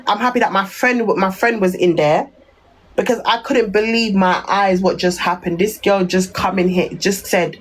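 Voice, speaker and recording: A woman's voice: on the low side, fairly even intonation, fairly quick, low-quality recording. A woman with a Jamaican accent ranting on a phone live stream, repeating insults in a heated, cutting manner.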